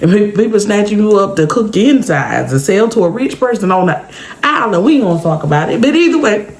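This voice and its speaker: A woman casually telling a personal story to her viewers in a chatty, animated way, often checking in with "okay?". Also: quick pace. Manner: big pitch jumps for emphasis. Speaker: storytime vlogger.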